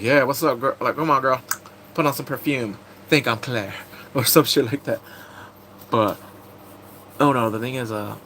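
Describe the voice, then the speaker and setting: A man casually recapping TV episodes, excitable and rambling, breaking into sudden high squeals. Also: slight background noise, low-quality recording. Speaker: TV recap host.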